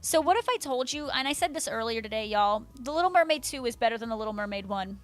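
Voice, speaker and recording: A woman's voice: a little high, lively intonation, fast talker, soft background music. A young woman streaming live, chatting casually and bubbly as she reads out her viewers' messages.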